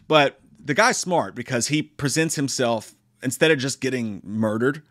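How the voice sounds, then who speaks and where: A man's voice: mid-range voice, moderate pace, few pauses. A young man giving a rambling, joking, profanity-filled movie review.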